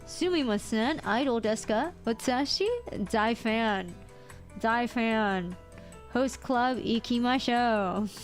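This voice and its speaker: A woman with an American accent chatting casually on a livestream, excitable and playful, breaking into squeaky outbursts as she reads chat aloud. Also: slow, soft background music. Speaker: VTuber streamer.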